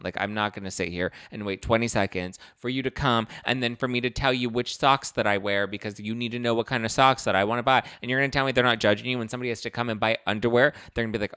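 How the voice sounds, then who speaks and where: Man, podcast host, casual animated rant, lowish pitch, dry sound. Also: fast talker, gravelly, smooth, no room sound. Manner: animated ranting, comic put-on quotes. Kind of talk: casual chat.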